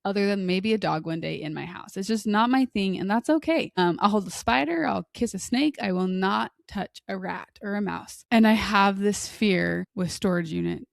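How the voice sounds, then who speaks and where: A chatty woman in her thirties spins long, rambling stories as a podcast co-host. Her voice carries a gravelly fry, and the sound is close and dry with no room echo. She keeps a casual, talkative pace. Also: medium pitch, moderate pace, few pauses. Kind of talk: casual chat.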